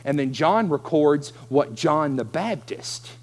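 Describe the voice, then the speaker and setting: Male pastor, lively sermon delivery, slightly high voice. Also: slow pace. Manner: animated, acts out scripture voices.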